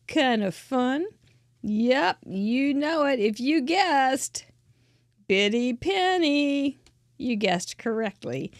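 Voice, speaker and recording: Gravelly-voiced woman hosting a craft show. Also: fairly high pitch, no echo, clean studio sound. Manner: chatty and effusive, laughing often. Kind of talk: casual live-show chat.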